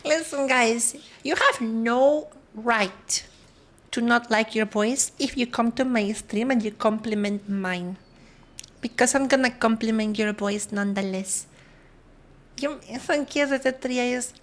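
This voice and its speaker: A woman's voice: a little high, unhurried. Chatty woman streamer. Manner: chatty, greets viewers one by one, switches between English and Spanish. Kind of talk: casual chat with viewers.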